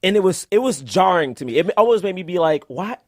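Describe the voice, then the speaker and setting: Male podcast co-host, animated storyteller, slightly high voice, dry close recording. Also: fast, no room sound. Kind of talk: casual film discussion.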